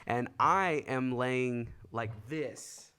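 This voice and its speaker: A man's voice: medium pitch, extremely slow, pushed and bright, clean tone. A young man co-hosting a podcast, telling stories in casual chat and often laughing. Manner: laughing storyteller, voices others in quotes. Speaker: podcast co-host.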